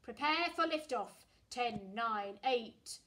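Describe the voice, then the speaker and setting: Woman reading as a panda space commander: loud, drawn-out, bossy orders, pitched high. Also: lively intonation, exaggerated voice. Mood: commanding. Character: bold female panda space shuttle commander.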